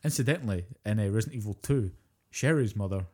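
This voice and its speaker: A man's voice: on the low side, expressive, fast, darkish tone, breathy edge. A young man co-hosting a podcast, chatting casually in a rambling, blunt way and swearing freely. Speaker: podcast co-host. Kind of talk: casual chat.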